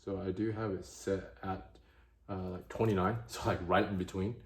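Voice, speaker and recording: A man's voice: low voice, little pitch movement, moderate pace, roomy sound. A man vlogging a gear review who swears a lot and talks straight to his viewers. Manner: frustrated, swears heavily, talks to viewers as "guys" and "gents". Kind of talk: casual gear vlog.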